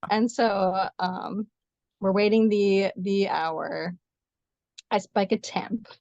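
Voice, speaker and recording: A woman nurse telling the story of a difficult birth as an interview guest, animated and quick, acting out what others said to her. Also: mid-range voice, gravelly, dry recording, dull audio. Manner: fast, animated retelling with quoted dialogue. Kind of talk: emotional personal storytelling.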